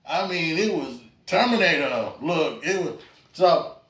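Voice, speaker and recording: A man's voice: on the high side, expressive, measured pace, a bit bright. A man in doing a stand-up comedy set, loose and chatty, with lots of fillers and asides to the crowd. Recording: roomy club sound from a distance.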